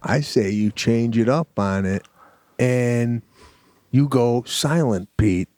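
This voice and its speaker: A man co-hosting a podcast in casual chat, speaking slowly and dryly. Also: medium pitch, darkish tone, no room sound. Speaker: podcast co-host.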